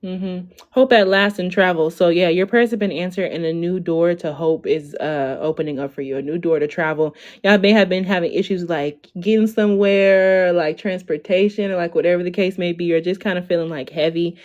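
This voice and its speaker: Young woman in her twenties, tarot reader on a casual stream. Low-pitched and chatty, checks in with "okay?" constantly. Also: steady tone, fairly quick, hardly any pauses, darkish tone, dull audio. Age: 20s. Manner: chatty, ends lines with "okay?", lots of "like" and "y'all". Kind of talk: casual tarot reading livestream.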